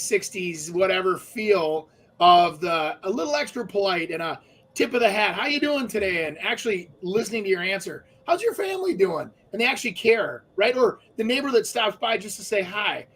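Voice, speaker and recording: A man's voice: high voice, fairly bright tone. A man co-hosting a radio show, chatting casually with lots of fillers and restarts. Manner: talkative, many fillers and restarts.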